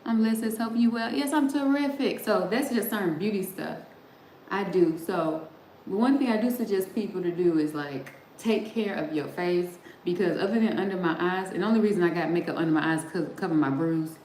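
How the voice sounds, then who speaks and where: A woman's voice: fairly low pitch, fairly quick, a little mellow. Chatty middle-aged woman in a roomy space. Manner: chatty, laughs often, talks straight to the chat. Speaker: livestream host. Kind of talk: casual chat with live viewers. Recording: roomy sound with faint background noise.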